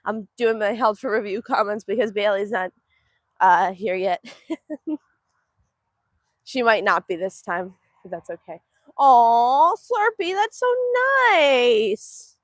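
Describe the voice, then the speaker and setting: A woman's voice: mid-range voice, fairly even intonation, unhurried, long pauses, no echo. A woman from Northeast Texas, hosting a casual livestream from an outdoor cow pen. She chats affectionately, answers viewer comments and coos to the animals in a sing-song baby voice. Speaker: livestream host.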